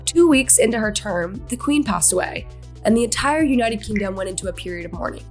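A woman's voice: medium pitch, lively intonation, brisk, a little mellow, faint music behind. Breezy woman news correspondent. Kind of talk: scripted explainer narration.

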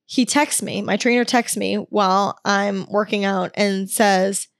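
A woman's voice: mid-range voice, steady tone, a little slow, no echo, clean studio sound. A young woman hosting a solo podcast, telling a story in a candid, exasperated way and swearing freely. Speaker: podcast host.

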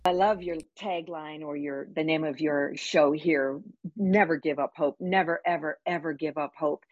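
A woman guest on a podcast interview, talking in an energetic, emphatic, plainspoken way with vivid sayings. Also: low-pitched, normal speed, no room sound, highs cut off. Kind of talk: conversational interview.

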